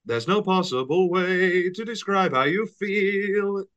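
A man's voice: sits high, slow pace, a bit bright, dull audio. A man co-hosting a podcast in casual, joking chat, laughing often. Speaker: podcast co-host.

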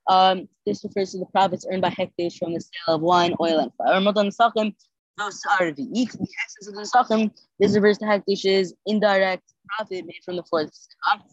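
A podcast host reading the daily Talmud page aloud and translating it line by line, halting with many fillers and self-corrections, sleepy and yawning. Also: medium pitch, steady tone, no room sound, lo-fi sound.

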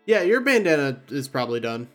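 A young man narrating as game master in a relaxed, rambling way, swearing casually. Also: medium pitch, fairly quick, faint music behind.

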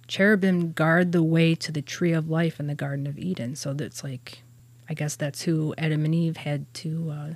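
A woman's voice: low-pitched, fairly even intonation, moderate pace, a little mellow, no room sound. A woman co-hosting a podcast, casually explaining old religious texts, laughing often and stumbling over words. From Catholic churchgoer. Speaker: podcast co-host explaining angel hierarchy.

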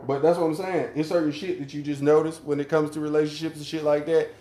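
A man with a fairly high voice trades crude jokes and loud stories with his co-hosts. He talks in a brash, profane way. The sound carries a roomy echo. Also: level tone, fast. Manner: loud, joking, profane storyteller. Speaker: podcast co-host. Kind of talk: crude casual banter.

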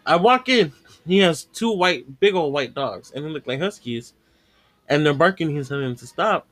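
Male podcast host, slightly high voice, casual profane storyteller. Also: expressive, moderate pace, fairly bright tone. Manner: profane, laughing, acts out dialogue in the story.

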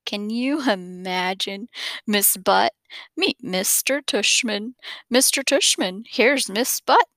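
A woman's voice: medium pitch, slow, no echo. A woman reading aloud, voicing a cheerful father who loves to joke and make his family laugh. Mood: joking. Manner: excited, jokey.

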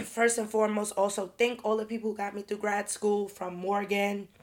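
A young woman in her twenties hosting her own podcast, talking candidly and chattily and swearing casually. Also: mid-range voice. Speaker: podcast host. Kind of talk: casual solo podcast chat.

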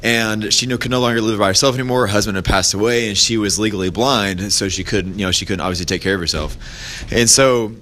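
A man's voice: fairly even intonation, quick pace, a bit bright. A man hosting his own podcast, giving a casual motivational talk, rambling with restarts and fillers and lifting his voice to act out quoted people in stories. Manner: acts out quoted voices in a higher pitch when telling stories. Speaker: podcast host.

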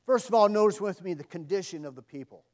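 Earnest higher-voiced male preacher, emphatic evening sermon, distant mic. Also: expressive, quick pace, darkish tone.

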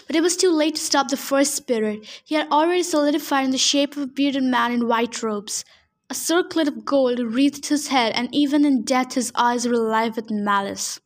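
A woman reading a first-person novel aloud, steady with small slips. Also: high voice, moderate pace. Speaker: audiobook reader.

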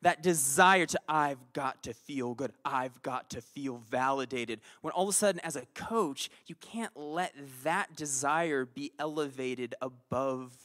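A man preaching a conversational sermon, telling a personal story with animated swings between quiet asides and loud bursts. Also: on the high side. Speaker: pastor.

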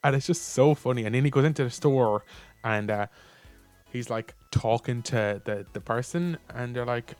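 A young Irish man chatting casually as a podcast co-host, telling a story in a rambling, animated way full of fillers. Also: mid-range voice, normal speed, soft background music. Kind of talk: casual chat.

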